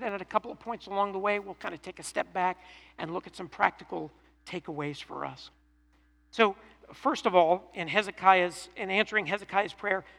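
A man delivers a sermon with a high, bright voice that carries a long reverberant tail from the hall. He reads scripture aloud, then paraphrases it in an easy, conversational way. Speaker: pastor.

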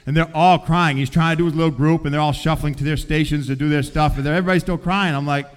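A man who teaches, telling a faith testimony about his class with lively storytelling and acted quotes, often dropping soft and low. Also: very fast, few pauses.

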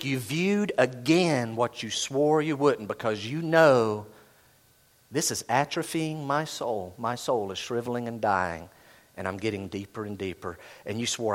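A man preaching a sermon as pastor, swinging from loud emphasis to hushed asides and acting out quoted inner voices. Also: medium pitch.

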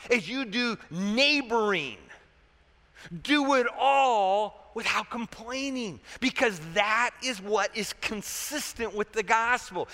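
A man's voice: high voice, pushed and bright. A man preaching a sermon as a pastor, talking conversationally and asking the congregation rhetorical questions. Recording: echoey hall reverb.

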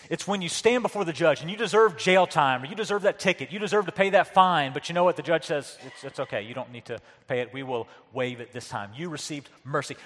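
Male pastor mid-sermon, earnest and questioning, a bit high-pitched, heard in a long-echo hall. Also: fairly bright tone. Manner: earnest preaching with repeated words and questions to the congregation.

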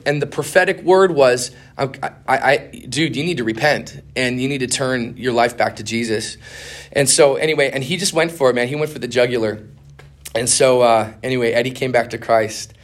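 A middle-aged man teaching a conference class on evangelism, talking fast and animated, full of "man" and "dude.". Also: fairly high pitch. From Minnesota. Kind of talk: casual conference teaching with stories.

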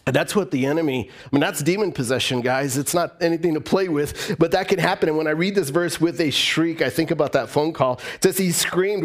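A male pastor delivering a sermon in an animated storytelling manner. His voice sits a little high for a man and climbs and drops as he tells stories to his congregation. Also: brisk, hardly any pauses. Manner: animated storytelling, voice rising and falling.

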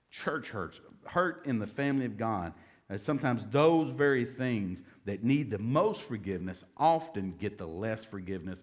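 In this clip a fairly low-pitched man in his forties preaches, though the high frequencies are cut off. As pastor he keeps the sermon conversational, cracking jokes and prompting the congregation to answer back.

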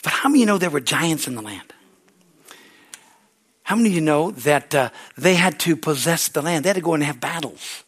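Male pastor, sermon; fervent, repeats himself, higher-pitched voice, asks for amens. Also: animated, a little fast, fairly bright tone, slightly rough. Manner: fervent, repetitive, call-and-response.

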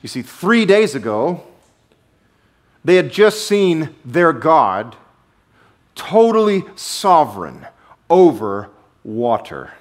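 A male pastor preaching a sermon to his congregation in a church, animated, with sudden drops to a low murmur. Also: slow, long pauses. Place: church sanctuary.

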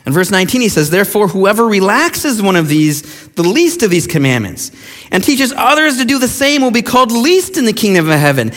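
A man's voice: high-pitched, sing-song, fairly quick, a bit bright. A middle-aged man preaching a sermon as pastor, emphatic and mocking as he acts out quoted voices. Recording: long hall reverb.

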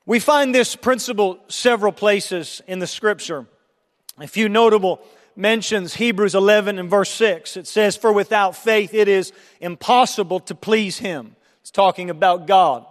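A man's voice: high-pitched, moderate pace, in a large hall. A man preaching a sermon as pastor, earnest and emphatic, often restarting his phrases. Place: church sanctuary.

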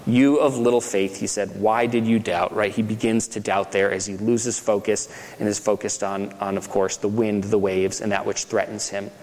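A man's voice: fairly low pitch, fairly even intonation, normal speed, hardly any pauses, a little mellow, long reverb tail. A man preaching a sermon in a conversational way, often checking in with "right?" and restarting his phrases. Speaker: pastor.

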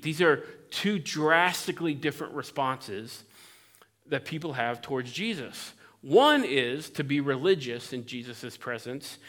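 A man preaching a sermon as pastor, conversational and animated, acting out the voices of people in the story he tells. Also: medium pitch. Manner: animated, conversational, acts out voices in Bible quotes.

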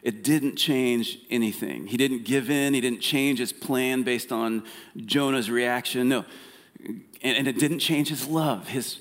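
A male pastor giving a casual sermon and talking as if chatting with the congregation, often restarting his sentences. His voice sits at an ordinary middle pitch. The sound rings with the long reverb of a church hall. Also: unhurried. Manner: conversational, frequent fillers and restarts.

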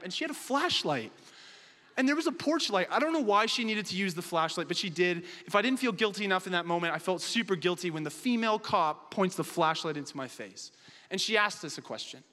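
A man's voice: high-pitched, expressive, a little fast, pushed and bright, in a large hall. A man preaching a sermon and telling a funny story with lots of animation. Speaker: pastor.

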